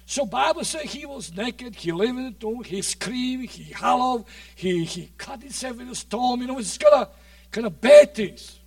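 This man preaches dramatically in a very high voice, swinging between loud shouts and near-whispers at a normal speed. He is animated, and the recording is dry, captured from a distant mic with no echo.

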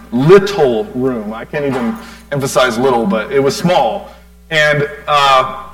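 A man's voice: on the high side, a bit bright, low-quality recording. Man telling a rambling church testimony. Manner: rambling storytelling with many fillers, asides to the audience. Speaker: church speaker giving a tribute. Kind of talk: personal testimony to a congregation.

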